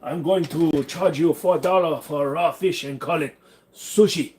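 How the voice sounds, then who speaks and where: A man's voice: fairly high pitch, darkish tone, slight background noise, voice pushed up, lightly acted. A man doing a broken-English shop owner with a Japanese accent. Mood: mocking. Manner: slow, clipped broken English.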